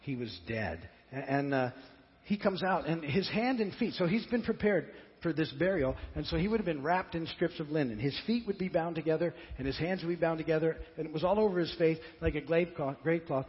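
A man's voice: on the high side, lively intonation, brisk. A male pastor giving a sermon, retelling a story conversationally and often stammering and repeating words. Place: church sanctuary. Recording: dull lo-fi church recording with long reverb.

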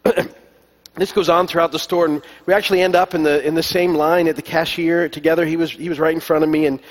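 Male pastor, fairly high voice, loose rambling sermon with ums and restarts, long hall reverb. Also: quick pace. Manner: relaxed storytelling with many fillers and restarts. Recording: long echo of a large hall.

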